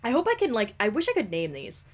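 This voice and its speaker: A young woman giving casual, animated commentary over a life-simulation game, swearing often and scolding the characters. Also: on the high side, fast talker. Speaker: gameplay commentator.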